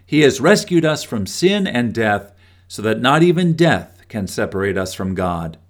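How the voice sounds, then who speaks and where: A man reading a scripted daily devotion in a gentle, measured way, with scripture and a closing prayer. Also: mid-range voice, sing-song. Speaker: devotional speaker.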